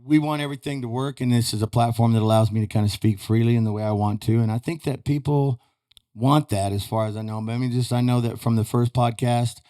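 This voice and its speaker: Guy, talks quick and rambly, mellow dark voice, folksy stories. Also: mid-range voice, steady tone. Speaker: podcast guest, retired rodeo roper. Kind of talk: casual chat. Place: studio.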